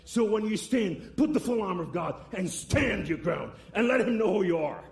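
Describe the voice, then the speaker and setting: A man giving preached testimony to a church, impassioned, swinging between loud and soft. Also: sits high, lively intonation, normal speed, gravelly. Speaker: guest speaker giving testimony. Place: church sanctuary. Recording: echoey room sound.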